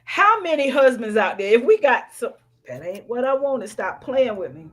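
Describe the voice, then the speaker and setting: A woman co-host talks through a TV episode in a casual podcast chat. Her voice sits a bit high. She scolds the characters with emphasis. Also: big pitch swings, moderate pace.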